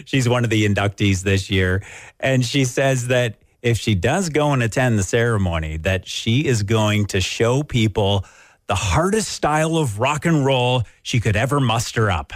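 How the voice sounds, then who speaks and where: A man's voice: medium pitch, moderate pace, no echo, clean studio sound. A man co-hosting a morning radio show, reading quirky news items and joking with his partner. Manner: jokey, animated, reads news items.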